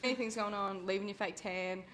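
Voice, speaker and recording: A young woman co-hosting a podcast in casual chat, teasing and quick to laugh. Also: mid-range voice, a bit bright, a little hiss or hum. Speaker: podcast co-host.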